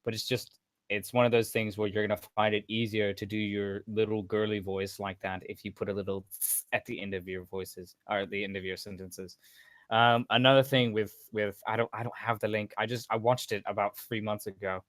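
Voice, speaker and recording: A man's voice: fairly low pitch, flat delivery, a little fast, a bit bright, dry recording. A man casually coaching a voice-training session over voice chat, rambling with frequent restarts and asides.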